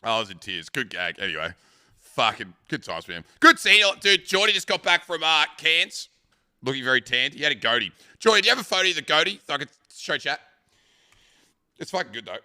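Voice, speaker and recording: A man's voice: on the high side, big pitch swings, a little fast, sharp tone. A young Australian man streaming, telling crude stories to his chat and often laughing while he talks. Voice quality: crude, swears freely, laughs through stories. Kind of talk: casual live-stream storytelling.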